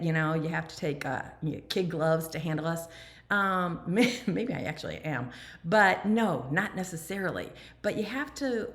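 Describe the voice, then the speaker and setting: Candid woman with a lowish voice. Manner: candid, animated storytelling that sometimes drops to a near whisper. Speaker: recovery speaker and channel host. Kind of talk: personal monologue on recovery.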